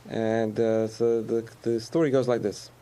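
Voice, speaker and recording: A man's voice: mid-range voice, flat delivery, a little slow, mellow. A man giving a conversational sermon about faith, repeating phrases and chuckling often.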